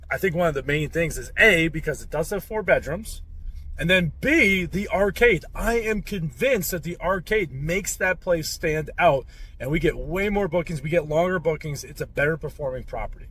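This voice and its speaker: A man's voice: on the high side, lively intonation, moderate pace, fairly bright tone, husky. A man hosting a casual vlog, chatting upbeat to a handheld camera while moving around indoors in rental houses. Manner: upbeat, chatty, thinking aloud. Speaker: vlog host and short-term rental owner.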